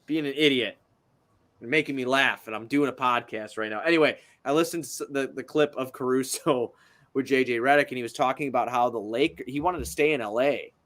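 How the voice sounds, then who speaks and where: Young male podcast co-host, loose and profane, middle pitch, laughs easily between points. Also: a bit bright. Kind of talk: casual sports podcast chat.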